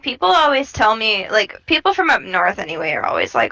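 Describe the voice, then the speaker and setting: A woman's voice: fairly high pitch, very animated, a little fast, gravelly, few pauses, sharp tone, rough recording. A woman with a Southern US accent co-hosting a podcast, chatting in a wry, questioning way. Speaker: podcast co-host. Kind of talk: casual chat.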